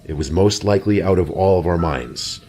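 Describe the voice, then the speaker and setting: A man narrating a scripted horror story in a steady, even storytelling delivery. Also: low-pitched, moderate pace, a little hiss or hum. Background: soft background music.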